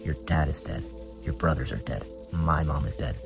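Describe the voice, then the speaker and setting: A man voicing a spaced-out young man on a bad trip, who speaks in slow, flat, ominous statements. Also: extremely low pitch, music in the background.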